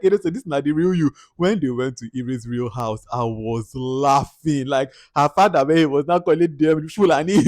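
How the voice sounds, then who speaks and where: A man's voice: fairly high pitch, no room sound. Nigerian man laughing through a movie review. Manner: laughing often, mimics characters, slips into Pidgin. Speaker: film reviewer.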